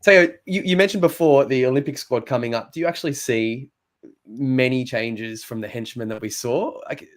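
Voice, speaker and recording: A man's voice: medium pitch, moderate pace. A man in a casual podcast chat, teasing and bantering. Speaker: podcast co-host.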